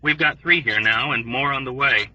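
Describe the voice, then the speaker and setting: Brief: sardonic young airman, read by a man, tense and urgent, bright husky tone. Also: mid-range voice, normal speed, recorded from a distance, dull audio. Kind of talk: audiobook character voice.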